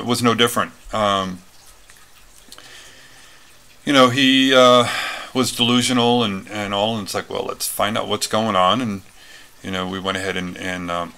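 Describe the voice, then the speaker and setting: Gravelly, bright-toned man telling a story. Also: lowish voice. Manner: rambling, many fillers and restarts. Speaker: retreat speaker. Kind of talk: personal storytelling talk.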